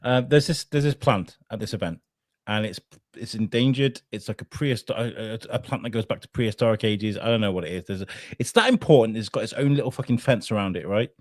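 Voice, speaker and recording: A man's voice: lowish voice, fast talker, no echo, studio quality. An English man, a podcaster guest, tells a rambling, self-mocking story, swearing and laughing as he goes. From England. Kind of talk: casual anecdote in an interview.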